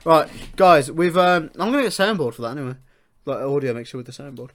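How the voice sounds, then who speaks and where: A young man hosting a podcast in casual chat, loud, swearing and laughing often. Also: on the high side, animated, fast. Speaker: podcast host.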